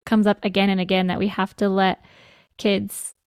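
A woman's voice: mid-range voice, flat delivery, normal speed, darkish tone, clear, resonant tone, dry recording, clean studio sound. A woman hosting an interview podcast, responding with effusive, empathetic reflections and questions. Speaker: podcast host. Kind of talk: interview conversation.

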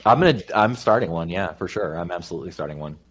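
Low voiced guy on a podcast, jokey and self-roasting, laughs a lot. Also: animated, quick pace, a bit bright, breathy edge. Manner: joking, self-mocking, laughs often. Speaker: podcast co-host. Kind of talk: casual chat.

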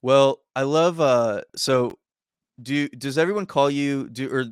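A man's voice: mid-range voice, a little slow, smooth, no echo, clean studio sound. A man hosting a casual chat, friendly and teasing, laughing often. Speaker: podcast host.

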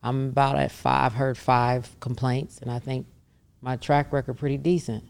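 A woman's voice: extremely low pitch, level tone, normal speed, creaky, darkish tone. A middle-aged woman, a massage therapist, talks casually in an interview and animatedly acts out the voices of the people she quotes.

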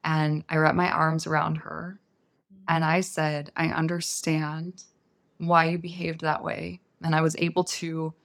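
Woman guest w a low gravelly voice, soft and earnest, taking her time. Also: little pitch movement, a little slow. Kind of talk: reflective personal storytelling.

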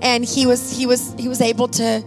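A middle-aged woman tells a personal story from a stage, her voice high and edged with a gravelly fry. She retells the scene with heartfelt drama, slipping into quoted dialogue. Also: little pitch movement, moderate pace, music in the background. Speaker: speaker telling a personal story to an audience. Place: stage before a live audience.

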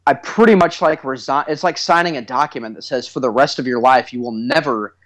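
A podcast co-host in his thirties tells comic stories in a casual chat, animated, teasing, and quick to mock himself. His voice is medium-pitched and his delivery brisk.

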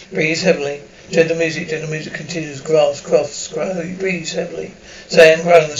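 A man's voice: fairly high pitch, little pitch movement, moderate pace, hardly any pauses. A man reading out a screenplay's stage directions in a plain, matter-of-fact way. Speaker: audio description narrator. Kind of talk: reading a script aloud. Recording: roomy, distant, muffled recording.

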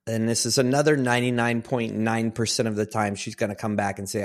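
A man's voice: lowish voice, level tone, fairly quick, few pauses. A middle-aged man hosting a solo podcast, giving earnest conversational advice to other men. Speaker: podcast host.

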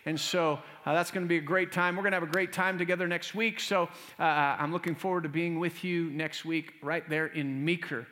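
A man's voice: fairly high pitch, fairly even intonation, brisk, hardly any pauses, pushed and bright, long reverb tail, slight background noise. A middle-aged man preaching as a pastor in a church, praying and speaking with fervent, emphatic delivery and folksy asides. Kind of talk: sermon. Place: church sanctuary.

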